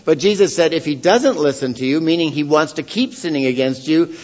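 A man giving a sermon as pastor, earnest and questioning the congregation, swelling to loud emphasis on key points. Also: a little high, brisk, highs cut off. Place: church.

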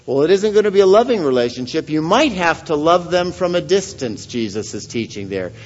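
A man giving a sermon as pastor, earnest and questioning the congregation, swelling to loud emphasis on key points. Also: fairly high pitch, sing-song, brisk, highs cut off. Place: church.

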